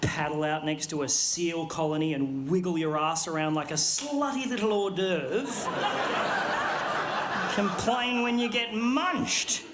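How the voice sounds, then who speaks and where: A performer voicing a male felt puppet stand-up comedian with an Australian accent, telling a swearing, deadpan story on a live stage. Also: mid-range voice, a little slow, a crowd in the background, close to an everyday voice. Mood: ranting. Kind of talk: stand-up routine. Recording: echoey stage with audience noise.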